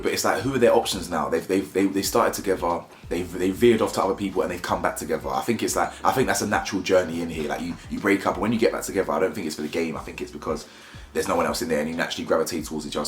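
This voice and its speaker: A man's voice: deep voice, roomy sound. A man giving a blunt, mocking, slangy review of a reality show in casual commentary.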